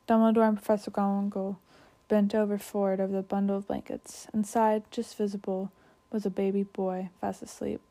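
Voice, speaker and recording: A woman's voice: medium pitch, level tone, a little fast, warm tone. A woman reading a storybook aloud, sometimes tripping over words and correcting herself.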